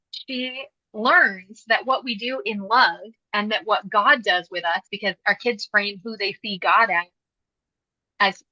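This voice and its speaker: A woman hosting a parenting podcast speaks emphatically and directly, explaining step by step. Her voice is bright and sharp. The sound is dry and a little muffled. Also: medium pitch, no room sound. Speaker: podcast host and parenting coach. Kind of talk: podcast teaching talk.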